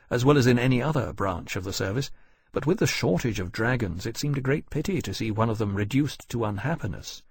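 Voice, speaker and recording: A man reading an audiobook in a measured, even storytelling manner. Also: mid-range voice, breathy edge, no room sound, studio quality. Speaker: audiobook narrator. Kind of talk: scripted narration.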